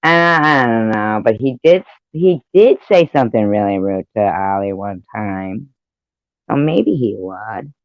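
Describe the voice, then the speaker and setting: A man's voice: on the low side, animated, measured pace, a little mellow, no room sound. A man chatting casually in an online voice room, laughing often and swearing freely. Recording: dull lo-fi sound.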